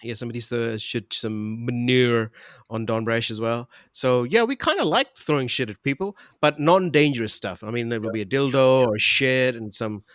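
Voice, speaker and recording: A man's voice: medium pitch, normal speed, a bit bright, dry recording, studio quality. A man hosting a casual podcast chat, rambling with laughs and stammered restarts. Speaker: podcast host.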